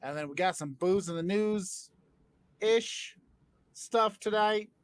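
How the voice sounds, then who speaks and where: A man's voice: high-pitched, slow pace, dry recording. A man hosting a casual comedy drinking podcast, joking and playfully overselling his lines. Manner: playful, jokey, hammy overselling. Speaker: podcast host. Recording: dry close sound.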